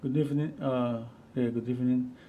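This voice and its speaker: A man's voice: mid-range voice, narrow, tinny audio. Spanish-accented man painting and chatting. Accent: Spanish, southern Spain. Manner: relaxed, halting, thinks aloud while painting and reads viewer comments. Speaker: painting instructor. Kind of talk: live-streamed painting lesson.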